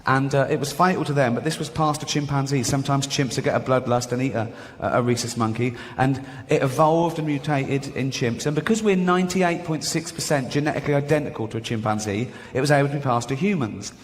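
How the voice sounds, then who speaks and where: A man performing a stand-up routine, deadpan storytelling with acted-out dialogue. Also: medium pitch, a little fast, few pauses. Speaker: stand-up comedian. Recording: reverberant venue, faint noise.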